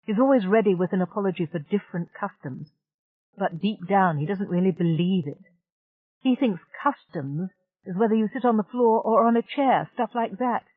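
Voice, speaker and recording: A blunt, irritable young woman from a storybook, pitched up and quick to complain, as a woman reader puts her on. She sounds tinny and narrow, as if over a phone line. The recording is dry and close. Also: no room sound, natural voice. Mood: exasperated. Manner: frank and irritable. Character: blunt, exasperated young woman station partner.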